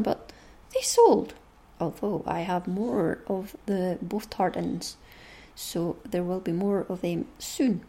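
A woman's voice: medium pitch, a little mellow. A woman hosting a craft podcast, chatting in a homely, rambling way and reading aloud. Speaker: podcast host.

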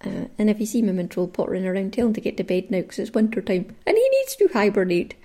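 A Scottish woman from Caithness talks through her podcast in a relaxed, chatty way, with a mellow, warm voice. Her Caithness accent is clear as she runs through long lists of listener names. Her pitch sits in an ordinary middle range for a woman. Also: fast. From Caithness, Scotland. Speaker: podcast host. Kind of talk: casual solo podcast chat.

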